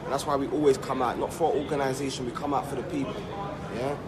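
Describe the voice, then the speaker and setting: A man's voice: medium pitch, fairly even intonation, quick pace. A man speaking outdoors at a street protest, emphatic and chant-like as he lists names. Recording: loud crowd noise in the background. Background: loud crowd.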